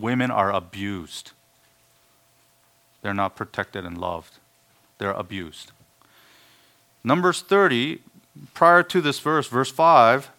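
A man preaching a sermon, stressing words loudly and then dropping to quiet asides. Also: mid-range voice. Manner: emphatic, swings between hushed asides and loud stressed words.

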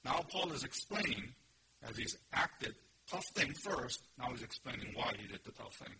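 A man's voice: medium pitch, animated, normal speed, pushed and bright, slight background noise, low-quality recording. A man preaching a sermon, teaching earnestly and emphatically and asking his listeners questions. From Korea. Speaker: pastor. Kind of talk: expository sermon.

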